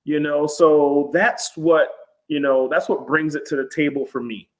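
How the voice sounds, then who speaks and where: Animated man telling stories, fairly high voice. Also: unhurried, rough recording. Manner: animated storyteller, acts out quotes in raised voices, swears freely. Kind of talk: casual chat.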